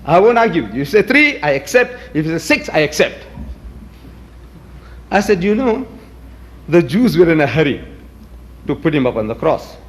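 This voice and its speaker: A man's voice: on the high side, sing-song, normal speed, pauses often, fairly bright tone. A man from Africa, giving a combative, rhetorical public lecture and mimicking his opponents. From South Africa. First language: Gujarati.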